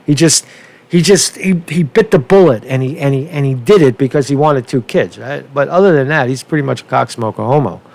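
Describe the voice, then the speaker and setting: A man ranting unscripted on a political commentary vlog, profane and rambling, with halting restarts, repeated words, and a constant "right?" tag. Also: mid-range voice, creaky, darkish tone. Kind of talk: unscripted rant.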